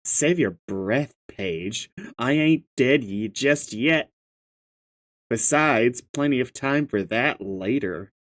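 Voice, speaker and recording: A streamer reading a webcomic live, voicing a cocky teenage troll girl in a low, smug drawl. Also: expressive, takes it slowly, no echo.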